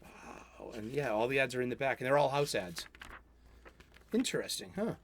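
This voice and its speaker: A man's voice: mid-range voice, big pitch swings, fairly quick, slight background noise. A man, hosting a casual solo comics review stream and rambling enthusiastically with many self-interruptions. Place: home studio.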